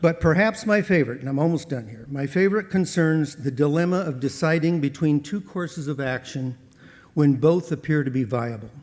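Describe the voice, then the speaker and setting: A man giving a prepared speech at an awards ceremony, accepting an honor for his late mentor and delivering quoted sayings in a measured, dry way. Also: on the high side, darkish tone, long reverb tail.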